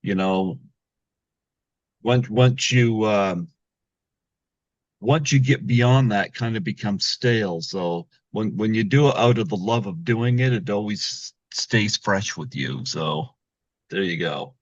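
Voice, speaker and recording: Easygoing low-voiced male podcast host. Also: slow, no echo. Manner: easygoing, many fillers like "you know" and "um". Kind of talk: casual interview chat. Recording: dull, dry lo-fi sound.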